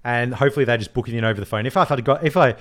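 A man's voice: medium pitch, very fast. A man, co-hosting a podcast in casual, laughing banter. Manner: animated, swearing, laughing banter. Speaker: podcast co-host. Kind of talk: casual chat.

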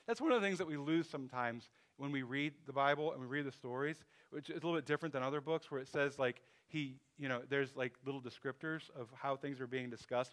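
A pastor with a mid-range, fairly bright voice preaches a sermon in a loose, conversational way. He thinks aloud, restarting sentences and adding asides.

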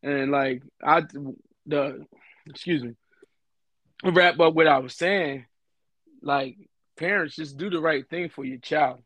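A man's voice: fairly high pitch, takes it slowly, long pauses, fairly bright tone, dry recording. A young man talking on a podcast, earnest and emphatic, often repeating himself. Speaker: podcast host. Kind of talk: casual podcast talk.

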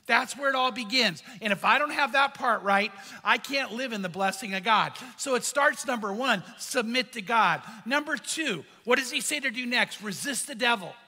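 A man's voice: very high voice, normal speed, few pauses, bright, forceful tone, in a large hall. A man preaching a sermon as pastor, earnest and conversational, asking the congregation questions.

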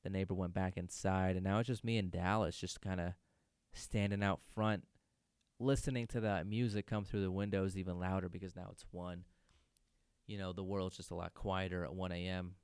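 A man's voice: sits low, flat delivery, normal speed, darkish tone, smooth, dry recording, clean studio sound. A man casually telling a personal story, loose and profane, peppering his talk with "dude" and "man".

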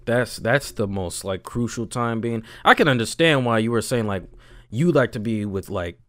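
A young man telling a story in casual chat, animated and slangy, swinging between loud and low. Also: moderate pace, dry recording, studio quality. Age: young adult.

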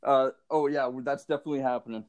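A man of middling pitch co-hosting a loose podcast chat. He mostly jumps in with quick reactions and cheers his partner's stories on. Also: fairly even intonation, darkish tone. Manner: eager, chiming in with short reactions. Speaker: podcast co-host.

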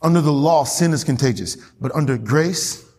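A man's voice: fairly high pitch, normal speed, darkish tone. A man preaching a sermon as pastor, often asking the congregation questions and waiting for their response. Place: church hall. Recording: long hall reverb.

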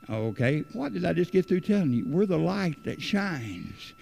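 A man's voice: on the high side, very animated, normal speed, gravelly, few pauses, a little mellow. A man preaching an earnest, rambling sermon in a church, often repeating and restarting his phrases.

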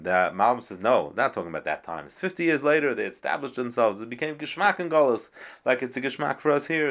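A man giving a Torah lecture, quoting Hebrew texts and explaining them in English, with frequent fillers. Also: low voice. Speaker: Torah teacher.

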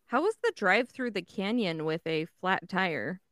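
A woman's voice: fairly low pitch, expressive, measured pace, fairly bright tone, no room sound, clean studio sound. A woman co-hosting a podcast, teasing her friend in casual banter and laughing easily. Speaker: podcast co-host.

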